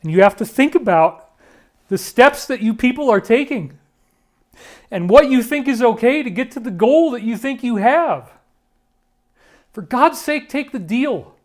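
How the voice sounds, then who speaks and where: A man's voice: very high-pitched, animated, moderate pace. A man talking through a series of photos in an earnest, emphatic monologue, often addressing listeners directly. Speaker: commentator.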